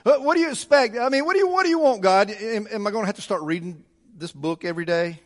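A man's voice: sits high, natural voice. A man voicing a defensive, sarcastic sinner who sounds like a sulky teenager and fires off mocking questions. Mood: exasperated. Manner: mocking, exasperated rapid questions. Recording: long church reverb.

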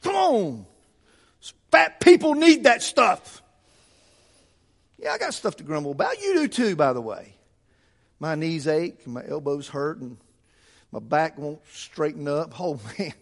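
A man's voice: fairly high pitch, big pitch swings, normal speed, gravelly. A man preaching a sermon in a church, building his points through fervent repetition. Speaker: pastor. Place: church sanctuary.

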